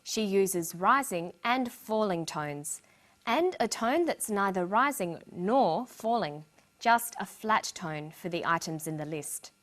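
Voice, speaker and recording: A woman narrating a scripted English lesson with slow, clear explanations. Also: mid-range voice, lively intonation, a bit bright. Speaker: English teacher.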